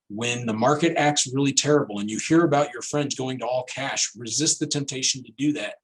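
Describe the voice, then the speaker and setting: A man's voice: mid-range voice, fairly bright tone, rough recording. A middle-aged man, a financial advisor, giving an educational talk and telling a personal story in a conversational way. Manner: conversational, storytelling with quoted dialogue.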